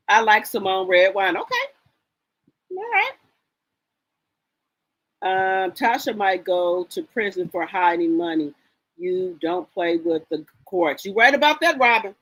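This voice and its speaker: A woman's voice: fairly low pitch, big pitch swings, measured pace, long pauses, a bit bright, rough recording. A woman hosting a live stream, chatting casually about gossip and greeting viewers by name in a sassy, chatty way. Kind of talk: casual gossip commentary, reading chat aloud.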